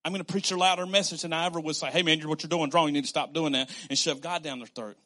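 A man preaching a sermon in a conversational, animated way, repeating phrases and acting out quoted conversations. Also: a little high, rapid-fire. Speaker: pastor.

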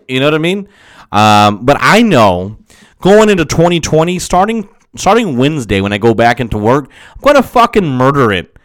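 A man's voice: mid-range voice, big pitch swings, moderate pace, no room sound. A young man talks through his solo podcast in a loose, rambling way, swearing freely as he pep-talks himself. His voice sounds worn and strained. The sound is dry and close to the mic. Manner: profane, rambling, self-motivating with frequent laughs. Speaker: podcast host. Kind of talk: casual solo podcast monologue.

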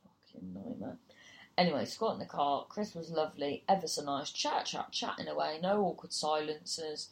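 A woman's voice: sits low, lively intonation, normal speed. A woman comedian telling a gig story casually, swearing freely and acting out other people's voices. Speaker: comedian and compere.

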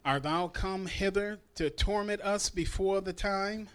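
A man in a bible study reading scripture aloud, slowly and carefully. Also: sits high, fairly bright tone, clean tone.

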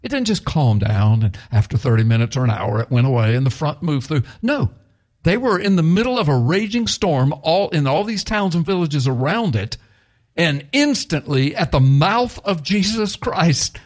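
A man's voice: on the high side, lively intonation, moderate pace. A man preaching a sermon in a conversational, emphatic way, repeating key phrases for effect.

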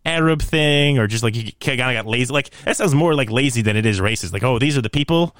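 A man's voice: mid-range voice, quick pace, a bit bright, no echo, clean studio sound. A young man in casual podcast chat, rambling and laughing often, with jokey put-on voices.

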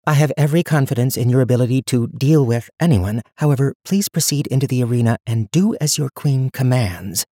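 A man's voice: mid-range voice, animated, fairly quick, hardly any pauses, dark tone, no room sound, studio quality, pitched above the performer's own voice. A man reading a story, voicing a young queen who gives cool, poised commands. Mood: commanding.

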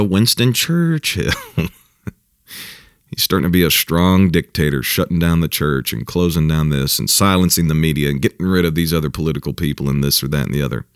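Man, pastor, casual commentary, very low voice, repeats and restarts, dry recording. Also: no echo. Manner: halting and repetitive, with chuckles and mocking mimicry.

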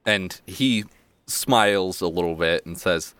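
A man narrating as game master of a tabletop role-play in a relaxed, wry way. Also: sits low, unhurried, clean tone, no echo.

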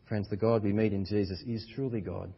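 A man preaching a sermon as pastor, swinging between loud, emphatic exhortation and quiet, low passages. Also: fairly even intonation, brisk, breathy edge. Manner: builds to loud, high-pitched emphatic preaching, then drops quiet. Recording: dull sound with long reverb in a large hall.

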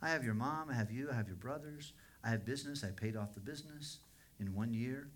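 A man's voice: a little fast, lightly acted. A man doing an eager restaurant owner. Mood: earnest. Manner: broken earnest English, high and eager.

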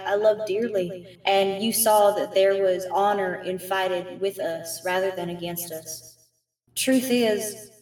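A woman voicing a young woman turned into a mushroom, crying as she speaks. Her pleas are slow, formal and earnest. The voice stays close to an everyday speaking voice. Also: mid-range voice, a little mellow, roomy sound, far from the mic, lightly acted, low-quality recording.

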